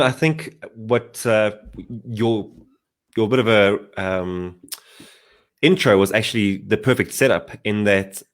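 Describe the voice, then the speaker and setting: Low-voiced male podcast co-host who speaks haltingly, feeling his way into a topic. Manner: halting, many fillers and restarts. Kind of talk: casual podcast conversation.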